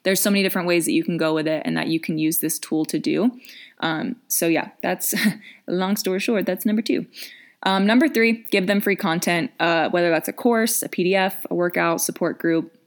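Girl in her 20s giving coaching tips, kinda low voice, rambly and chatty, lots of likes. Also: fairly quick. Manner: chatty, filler-heavy, frequent restarts. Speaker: business coach. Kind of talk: casual advice vlog.

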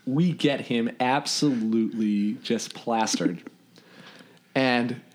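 Talking slowly at medium pitch, this forties-aged podcast guest recalls his time as a camper and counselor. The conversation is relaxed, and he tells his tales with energy, laughing often and leaning on plenty of ums and other fillers.

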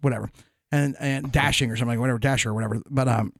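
A man's voice: mid-range voice, steady tone, rapid-fire, gravelly, no echo, clean studio sound. A middle-aged man telling stories in a casual chat, profane and laughing often.

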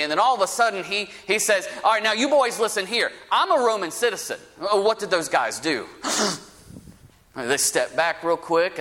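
A man preaching a sermon as pastor, with a lively storytelling manner and folksy asides. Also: on the high side. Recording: preached in a reverberant hall.

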